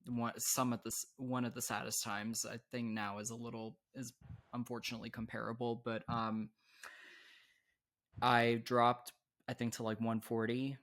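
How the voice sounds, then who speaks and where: A young man hosting a podcast, talking casually and opening up about personal struggles in a halting way, with many restarts. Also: medium pitch, level tone, fairly bright tone. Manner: hesitant, halting with restarts when speaking personally. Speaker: podcast host. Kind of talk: casual conversation.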